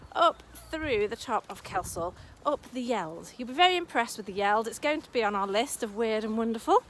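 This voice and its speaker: A woman's voice: a little high, a bit bright, slight background noise, rough recording. A woman in midlife hosting a chatty walking vlog outdoors, playful and talking to her viewers and to animals along the way. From England. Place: outdoors on country lanes.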